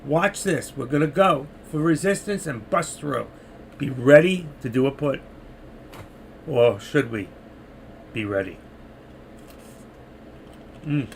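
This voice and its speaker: Gravelly New York man calling trades live. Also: medium pitch, expressive, slow pace, long pauses, slight background noise. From New York City. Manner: chatty, talks through trades while reading chat. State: losing his voice. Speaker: trading live streamer. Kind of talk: live market commentary.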